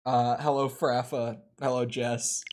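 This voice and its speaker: A man's voice: medium pitch, flat delivery, takes it slowly, a little hiss or hum. Chatty young man rambling to himself. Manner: rambling, self-talk with frequent restarts. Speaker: streamer. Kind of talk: casual gameplay commentary.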